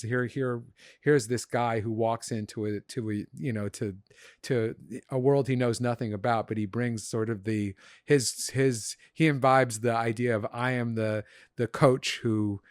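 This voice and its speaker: A man's voice: medium pitch, a little mellow, no room sound, studio quality. A man who is a psychologist and podcast guest, explaining ideas thoughtfully with frequent repeated words. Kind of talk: casual conversation.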